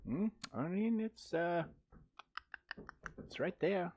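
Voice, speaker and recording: A man's voice: high-pitched, lively intonation, takes it slowly, darkish tone, no room sound, muffled recording. A man streaming a mobile game live, chatting casually and joking, rambling with frequent ums and restarts.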